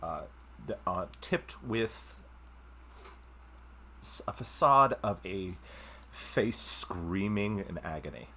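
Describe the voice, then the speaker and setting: Deep-voiced man narrating a tabletop game. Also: animated, pushed and bright, slight background noise. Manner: descriptive, unhurried narration with fillers. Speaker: game master.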